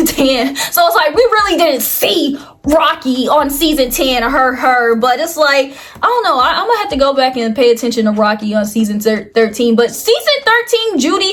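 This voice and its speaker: A woman's voice: high-pitched, expressive, normal speed. A young woman, chatting casually about a reality show with frequent "like, girl" asides. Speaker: reality TV commentator. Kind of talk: casual commentary vlog.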